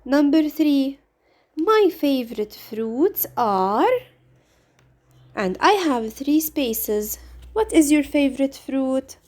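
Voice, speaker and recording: A woman's voice: sits high, lively intonation, takes it slowly, darkish tone. A woman teaching an English grammar lesson, walking through exercises step by step with patient questions.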